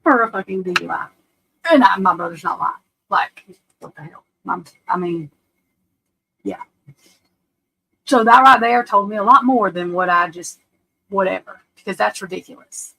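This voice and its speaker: A woman hosting a live stream, giving casual true crime commentary in a blunt, profane, animated way and often laughing. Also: mid-range voice, moderate pace, vocal fry, pauses often, rough recording. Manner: laughs often while telling stories. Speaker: livestream host. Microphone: webcam or desk mic on a live stream.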